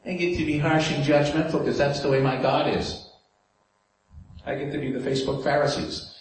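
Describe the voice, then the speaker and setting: In a fairly high-pitched voice and at a moderate pace, a man with a New York accent delivers a sermon in a conversational style. He poses rhetorical questions to the congregation. There's faint room noise in a very echoey hall.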